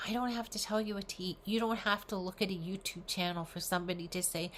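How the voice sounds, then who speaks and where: A woman's voice: medium pitch, little pitch movement, quick pace, few pauses, fairly bright tone. An older woman vlogger talking casually to camera, chatty, earnest and encouraging, with a faint background noise. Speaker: weight loss vlogger. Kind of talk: casual direct-to-camera talk.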